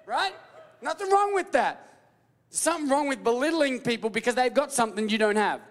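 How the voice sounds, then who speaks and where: A man with a very high voice delivers an animated, playful sermon, calling out to his congregation for replies. His words ring out with the long reverb of a large hall. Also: brisk. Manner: animated, playful preaching with call-and-response and mock voices. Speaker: pastor.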